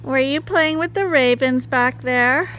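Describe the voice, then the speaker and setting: Farm vlogger: woman, slow and raised-pitch delivery, coos at her sheep, faint barn noise behind. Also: a bit bright. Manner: cooing baby talk to the animals. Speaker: sheep farmer. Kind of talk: farm vlog narration.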